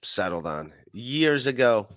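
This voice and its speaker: Bright-voiced deadpan comedian guest, a man. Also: medium pitch, takes it slowly, dry recording. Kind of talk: casual interview chat.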